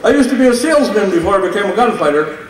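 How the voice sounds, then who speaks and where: A comedian working a benefit show fires off jokes rapid-fire in a high, animated voice, teasing people in the audience. Captured from a distance in an echoey hall with crowd noise.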